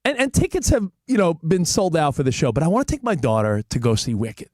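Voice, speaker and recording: A man's voice: fairly high pitch, fairly quick, dry recording, studio quality. A middle-aged man co-hosting a sports radio show, chatting casually and acting out quotes as he tells a story. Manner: animated storyteller, acts out quotes. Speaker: co-host.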